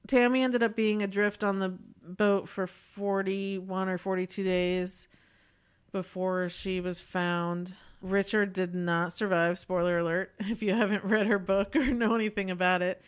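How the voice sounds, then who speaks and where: A woman's voice: medium pitch, level tone, unhurried, clear, resonant tone. A woman co-hosting a podcast, reviewing a movie in a chatty, rambling way with many fillers. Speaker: podcast co-host. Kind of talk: casual chat, movie review.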